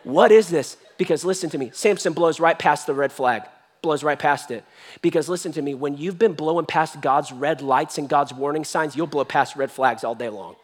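A man preaching a sermon as pastor, telling a story in an animated, joking way. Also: fairly high pitch, moderate pace. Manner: animated, jokey storytelling with acted voices. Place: church.

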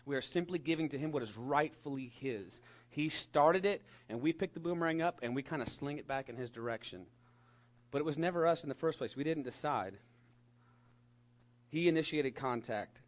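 A middle-aged man preaching a sermon to young people, animated and emphatic, dropping at times to a soft whisper. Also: mid-range voice, moderate pace. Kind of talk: sermon to a youth congregation.

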